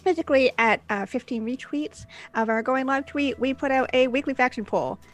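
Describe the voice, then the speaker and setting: An upbeat woman with a fairly high voice opens a tabletop game stream as its game master. She runs through announcements in a chatty way, peppered with filler sounds. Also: brisk.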